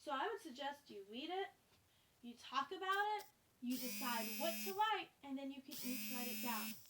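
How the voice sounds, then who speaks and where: A young woman teaches a class, talking students through a task in a friendly, chatty way. She explains each step plainly. Her voice is high. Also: animated, normal speed, fairly bright tone, a little hiss or hum. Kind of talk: classroom instruction.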